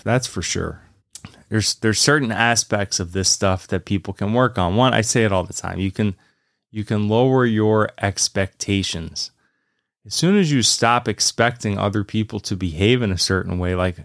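A low-pitched man holds forth in a loose, rambling podcast monologue, swearing freely and leaning on "you know" and "like." His voice is smooth and resonant, recorded dry and close with no room sound. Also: no room sound. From United States. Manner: laughs easily at his own jokes. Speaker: podcast host. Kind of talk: casual monologue.

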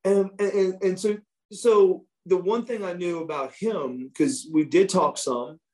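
A man, a former wrestler, telling profane, animated backstage stories as a guest in a casual interview. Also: high voice, measured pace.

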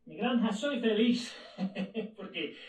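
A man's voice: high voice, animated, slow pace, a little mellow, reverberant, distant mic, rough recording. A man doing a playful impression of a grinning middle-aged male movie star in a social media clip, chipper and hammy, recorded outdoors. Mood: cheerful. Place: outdoors on a farm.

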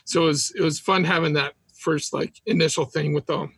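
A man telling war stories as a podcast guest, animated, laughing often and acting out quotes. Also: on the high side, brisk, vocal fry, slightly rough, no room sound. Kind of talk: casual storytelling.

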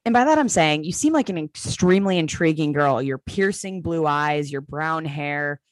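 A woman's voice: low-pitched, animated, normal speed, dry recording. A young woman co-hosting a podcast, teasing and sarcastic, with a lot of "like" fillers. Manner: frequent "like" fillers. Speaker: podcast co-host. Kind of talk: casual chat.

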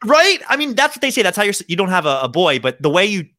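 A man with a bright, slightly high voice tells jokey stories on a casual podcast. His pitch swings widely as he talks, and he laughs easily. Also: fast talker, dry recording, studio quality. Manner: animated storyteller, laughs often. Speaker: podcast co-host. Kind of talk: casual comedic chat.

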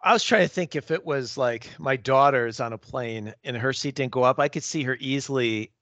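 A man's voice: mid-range voice, moderate pace, a bit bright, dry recording, lo-fi sound. A middle-aged man co-hosting a podcast, talking things over in a thoughtful, easygoing way. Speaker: podcast co-host. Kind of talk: casual chat.

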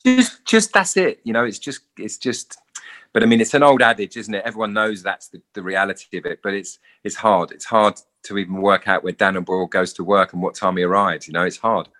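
A man's voice: on the low side, brisk. A man, an actor being interviewed, chatting casually and acting out the people in his stories. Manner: animated storyteller acting out quotes. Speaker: actor guest.

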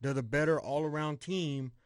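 Excitable, swearing man in sports chat. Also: fairly high pitch, moderate pace, no echo, studio quality. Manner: excitable, profane, repeats words.

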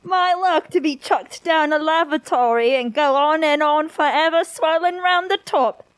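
A woman's voice: sits high, moderate pace, dry recording, lightly acted. A woman putting on a posh flirtatious prince. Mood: flirty. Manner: put-on plummy upper-class accent, reading aloud. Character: posh British prince, middle-aged man, flirtatious. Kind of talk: comedic dramatic reading.

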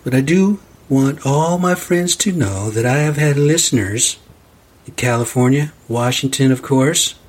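A man's voice: medium pitch, a little slow. A man hosting a solo podcast and rambling into a profane, ranting monologue. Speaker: podcast host.

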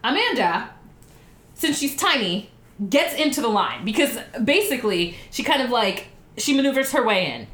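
A woman's voice: on the high side, moderate pace. Woman ranting thru a wild story, swears a lot, voice jumps all over, echoey room. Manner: animated, profane, acts out quotes in voices. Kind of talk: casual storytelling chat.

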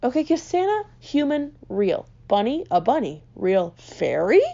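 A young woman, ranting in an exasperated, swearing, animated way as a podcast host. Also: high voice, moderate pace. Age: young adult. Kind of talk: casual comedic rant. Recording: dull lo-fi recording.

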